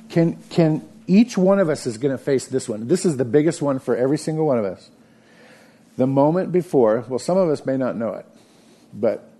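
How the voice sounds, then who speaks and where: A man preaching a sermon, earnest, often dropping to a soft murmur for emphasis. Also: mid-range voice, slight background noise. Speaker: pastor.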